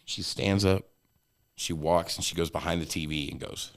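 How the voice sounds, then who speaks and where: A man telling a funny family story as a podcast guest. He is animated, laughs often, and swears freely. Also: deep voice, normal speed, gravelly. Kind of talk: casual storytelling.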